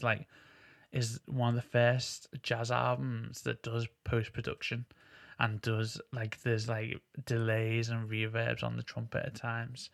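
A man's voice: mid-range voice, gravelly, dry recording, clean studio sound. A man hosting a podcast, chatting casually and enthusiastically, rambling with lots of filler words. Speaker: podcast host. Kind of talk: casual chat.

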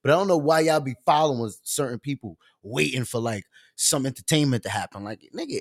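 A man's voice: mid-range voice, brisk. A man talks straight to his audience in a loose, emphatic storytelling rant. His voice carries passion and conviction. His speech is full of slang and casual fillers. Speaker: show host.

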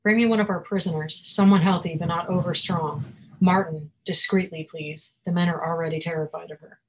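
A woman's voice: lowish voice, steady tone, a little fast, a little hiss or hum, close to an everyday voice, low-quality recording. Woman reading as an arrogant commanding lord. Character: arrogant scheming nobleman, adult man.

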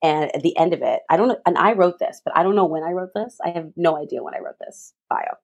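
A young woman tells an animated anecdote as a guest in a casual interview. Her voice sits a little low, but it leaps high whenever she mimics someone else. She talks with expressive, playful energy. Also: fast talker, creaky, husky, lo-fi sound. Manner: lively, mimics voices with big pitch jumps. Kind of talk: animated storytelling.

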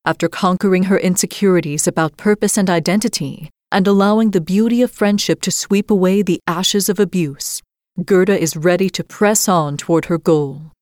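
A woman host narrating a fairy tale in a measured, expressive scripted reading. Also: lowish voice, no room sound, clean studio sound. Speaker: storyteller host.

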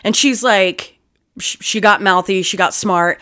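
A young woman chatting casually as a podcast co-host, telling stories in a profane, animated way. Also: mid-range voice, normal speed. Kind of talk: casual chat.

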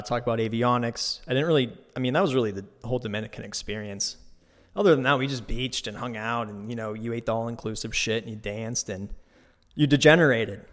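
A man hosting his own podcast, telling a trip story in a casual, profane, animated way from a new, unfurnished home studio. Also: mid-range voice. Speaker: podcast host. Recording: echoey bare room.

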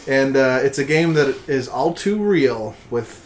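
A man's voice: mid-range voice, animated, measured pace, slight background noise. A man co-hosting a casual podcast chat, laid-back and chuckling between remarks. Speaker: podcast co-host.

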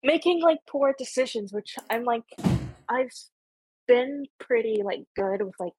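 A woman's voice: on the high side, animated, measured pace, a little mellow, slightly rough, no room sound, rough recording. A young woman with a Canadian accent from Ontario, hosting a podcast in casual chat, rambling with many fillers. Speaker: podcast host.

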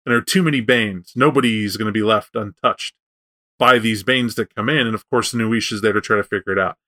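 A man hosting a casual chat about tabletop role-playing games, telling stories in a rambling, animated way with frequent restarts. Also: on the low side, fast talker.

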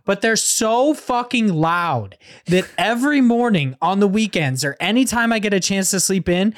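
Profane rambling podcast co-host. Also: male voice, sits high, animated, moderate pace. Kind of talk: casual chat.

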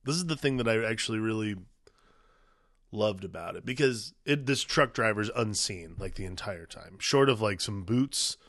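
A man co-hosts a podcast in easygoing casual talk, sharing his thoughts plainly. His voice sits fairly low but sounds bright, and the recording is dry. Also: animated, normal speed, no room sound. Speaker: podcast co-host. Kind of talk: casual chat.

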